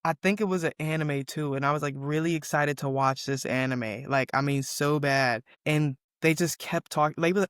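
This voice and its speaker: A woman's voice: low voice, a little fast, few pauses, clean tone, no echo, studio quality. Chatty, profane Southern woman co-host. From Southern United States. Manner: self-described yapper, animated and profane storytelling. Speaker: podcast co-host. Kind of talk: casual chat.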